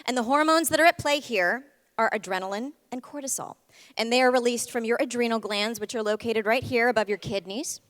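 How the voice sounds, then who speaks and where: A young woman performing a comic stage monologue, animated and self-mocking. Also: a little high, a little fast. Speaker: storyteller performer. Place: theater stage. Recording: long theater reverb.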